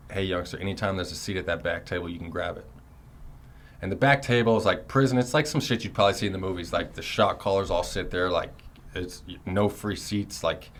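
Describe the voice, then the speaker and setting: A man in his thirties telling a long story in a casual, rambling way, full of swearing and "you know"s. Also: sits low. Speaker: son recounting his prison years.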